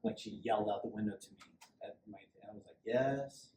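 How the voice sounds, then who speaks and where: A middle-aged police sergeant talks fast in a fairly low, mellow voice with a completely flat delivery. He gives a small group a loose, conversational safety training talk, acting out little quotes along the way. The recording is echoey, with a distant mic and faint hiss.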